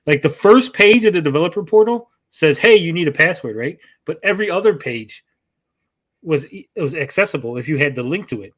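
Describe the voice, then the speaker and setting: A man's voice: on the high side, animated, brisk, a bit bright. Rambling man telling a story. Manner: rambling storytelling, tags sentences with "right?"; acts out quoted exchanges in a raised voice. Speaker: streamer hosting a reaction show. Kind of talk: casual chat.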